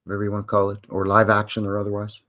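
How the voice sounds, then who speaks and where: A man's voice: fairly low pitch, monotone, very fast, a bit bright. A man hosting a casual live stream, chatting, reading aloud and adding asides.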